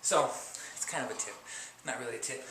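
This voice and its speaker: A man's voice: mid-range voice, quick pace. Rambling man teaching punching-bag basics, echoey room. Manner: rambling, loose, full of fillers and "you know"; talks while punching, bursts of effort. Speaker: amateur fitness instructor. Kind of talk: casual how-to video demonstration. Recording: echoey room with loud clattering noise.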